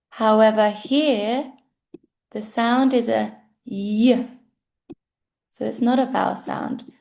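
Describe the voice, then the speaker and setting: A woman with a British accent teaching English pronunciation, saying words slowly and carefully for learners to repeat. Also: a little high, vocal fry. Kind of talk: pronunciation lesson.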